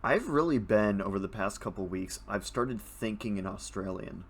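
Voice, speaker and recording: A man with a fairly low voice chatting casually on a podcast. He delivers his jokes in a dry, offhand way. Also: expressive, normal speed, breathy edge. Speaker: podcast co-host. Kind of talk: casual chat.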